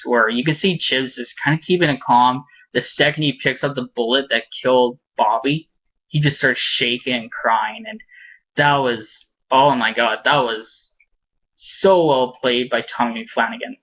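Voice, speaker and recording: A man of middling pitch talks through a TV episode in a casual review. He rambles and stumbles over restarts with a fan's eager energy, and the recording sounds muffled and lo-fi. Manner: rambling and halting, with many restarts; enthusiastic fan, laughs often. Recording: dull lo-fi recording.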